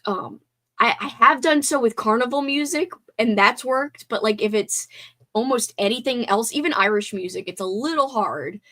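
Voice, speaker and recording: A woman's voice: mid-range voice, a bit bright. A woman hosting a casual livestream, chatting and reading viewer comments aloud. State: teary, voice breaking. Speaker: livestream host.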